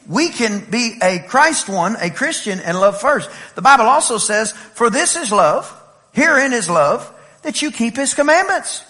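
A man from East Texas with an East Texas accent, preaching a lively sermon and telling playful stories to his congregation. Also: high voice. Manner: animated, playful storytelling with laughs and shouts. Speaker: pastor.

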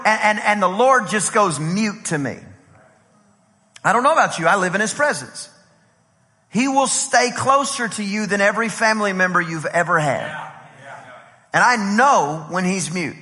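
A male pastor preaching at a conference, telling a lively story and acting out the dialogue. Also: high-pitched, moderate pace. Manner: animated, acts out dialogue with voices and laughs. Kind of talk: storytelling sermon. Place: large conference hall. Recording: long hall reverb.

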